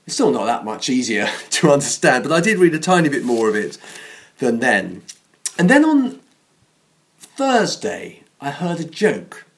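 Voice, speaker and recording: A man, a parish priest, giving a chatty, self-deprecating sermon in a church. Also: mid-range voice.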